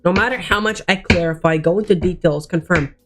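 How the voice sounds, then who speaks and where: A man's voice: high-pitched, a little fast, over music. A teenage boy telling a personal story as a vlogger, rambling and swearing, with many restarts. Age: teens.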